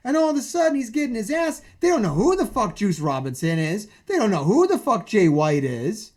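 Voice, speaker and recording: A man streaming, ranting about a wrestling show in a profane, excitable way, full of incredulous questions. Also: high-pitched, a little fast.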